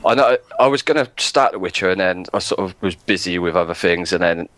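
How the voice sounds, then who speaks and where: A man chatting casually as a podcast co-host, laid-back and meandering with many pauses. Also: sits low, animated, a bit bright, no echo. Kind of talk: casual chat.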